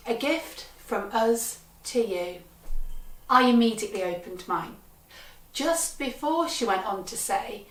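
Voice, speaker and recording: A woman storyteller telling comic tales from her childhood with a wry, deadpan delivery. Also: medium pitch. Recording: roomy sound from a distant mic.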